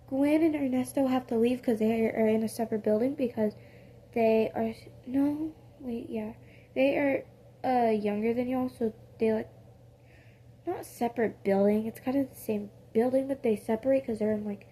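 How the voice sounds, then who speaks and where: A woman's voice: on the high side, warm tone, a little hiss or hum. A woman improvising a casual second-person story, rambling with many fillers and corrections of herself.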